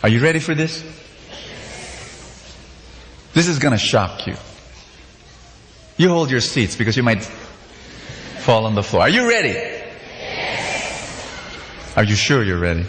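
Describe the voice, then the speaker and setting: Male preacher, slow, animated, acts out characters, big echoey hall. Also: mid-range voice, a little hiss or hum. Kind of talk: sermon with call-and-response. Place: large church hall. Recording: echoey hall, faint ambience.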